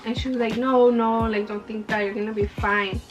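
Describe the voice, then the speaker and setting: A woman's voice: on the high side, fairly even intonation, a little fast. Chatty young woman retelling a story. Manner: chatty, many "like" fillers, reenacts dialogue. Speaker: vlogger. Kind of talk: casual storytelling to camera. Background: background music.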